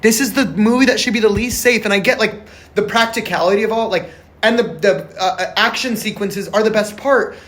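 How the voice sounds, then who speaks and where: A man's voice: high-pitched, brisk, fairly bright tone. Rambling, frustrated man ranting to camera. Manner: rambling, emphatic, swears a lot; passionate, frustrated. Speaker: vlogger reviewing a film. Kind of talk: casual monologue to camera.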